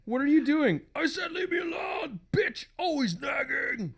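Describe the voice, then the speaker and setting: A man reading aloud and voicing an angry, possessed husband in an overwrought, shouting way. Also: extremely high pitch, big pitch swings, unhurried, gravelly, voice pushed up, exaggerated voice. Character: furious possessed husband, adult man, snarling.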